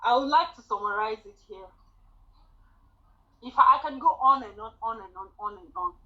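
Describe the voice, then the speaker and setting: High, bright-voiced woman. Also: moderate pace, lo-fi sound. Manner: animated, chatty storytelling. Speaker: student nurse sharing a testimony. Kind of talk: testimonial on a group call.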